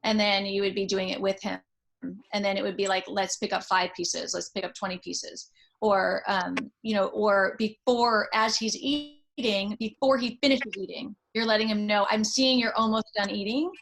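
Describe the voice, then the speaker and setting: Measured woman psychologist coaching a parent. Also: mid-range voice, fairly even intonation, vocal fry, a bit bright, poor audio. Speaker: child psychologist advising a parent. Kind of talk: supportive advice.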